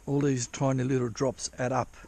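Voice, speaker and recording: Gravelly, swearing rambling man. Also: mid-range voice, flat delivery, moderate pace, warm tone, a little hiss or hum. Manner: rambling, profane, self-interrupting. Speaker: vlogger prospecting for gold. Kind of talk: casual rambling vlog. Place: outdoors at a dig site in drizzle.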